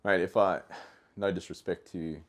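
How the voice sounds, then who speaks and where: Podcast guest: low-voiced South African man, chatty and rambling, lots of restarts. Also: level tone, moderate pace. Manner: rambling, with frequent restarts and fillers. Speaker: guest, dog trainer. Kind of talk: casual podcast conversation.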